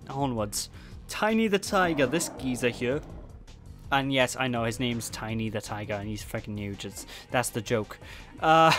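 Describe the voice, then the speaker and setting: Jokey gaming commentator man. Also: medium pitch. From Wales. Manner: chatty, jokey, addresses viewers directly. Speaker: let's play host. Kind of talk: casual gameplay commentary.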